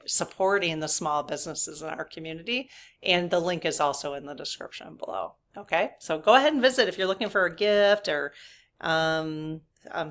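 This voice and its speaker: Woman in her fifties, spiritual reader, rambling casual chat, slightly low voice. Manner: chatty, laughing, rambling with asides.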